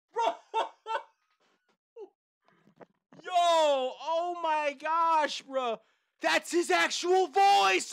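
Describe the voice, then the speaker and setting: A young gaming channel host reacting to a movie trailer, hyper and loud, shouting and laughing. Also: high-pitched, gravelly, no echo. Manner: hyper, shouts and laughs, lots of "bro" and "oh my gosh".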